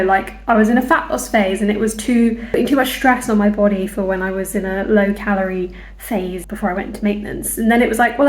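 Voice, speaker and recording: A young woman talking through her week in a casual, self-deprecating fitness vlog on a clip-on mic. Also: mid-range voice. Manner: chatty, self-deprecating, laughs at herself. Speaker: fitness vlogger. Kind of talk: casual vlog chat to camera. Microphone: clip-on lapel mic held in hand.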